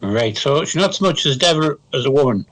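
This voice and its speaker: A man voicing a skeptical, teasing bystander in a crowd, speaking louder than his usual voice. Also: medium pitch, lively intonation, a little fast, pitched above the performer's own voice. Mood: wry. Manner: wry, teasing.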